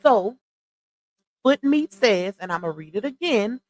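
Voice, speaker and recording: A woman hosts a casual livestream in an unhurried, drawn-out way. Her voice sits at an ordinary pitch. The sound is dry and close, with no room around it. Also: lively intonation, dry recording, rough recording. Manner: chatty, addresses viewers as y'all, often pauses to find screenshots. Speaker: livestream commentary host.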